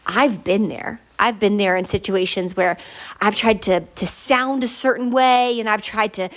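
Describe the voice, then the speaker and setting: A woman hosting a faith-based podcast, speaking with earnest emotion and chatty warmth, building her points through emphatic repetition. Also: medium pitch. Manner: casual and chatty, with fillers and quick laughs. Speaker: podcast host. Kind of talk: faith-based motivational monologue.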